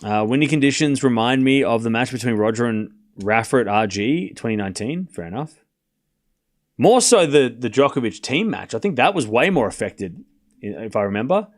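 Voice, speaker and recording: A tennis watchalong host talks in an expressive mid-range voice at normal speed. He keeps viewers updated on the score between points and spars sarcastically with his chat in a casual, live back-and-forth.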